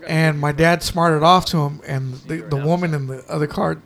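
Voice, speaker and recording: A man with a high-pitched voice and a gravelly fry in it. He chats casually and jokes with a friend while they watch a movie, and he swears freely as he tells stories. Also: fairly even intonation, normal speed, fairly bright tone. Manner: joking, storytelling, profane.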